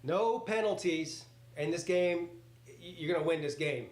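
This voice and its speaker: A man hosting a casual live reaction stream, calling plays as they happen in a rambling, excitable way that slips into swearing. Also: on the high side, a little slow. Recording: roomy echoey home setup.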